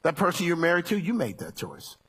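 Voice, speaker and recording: A male preacher delivering a sermon, animated and folksy, swinging from low murmurs up to shouts. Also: a little fast, a little hiss or hum. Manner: folksy and colloquial.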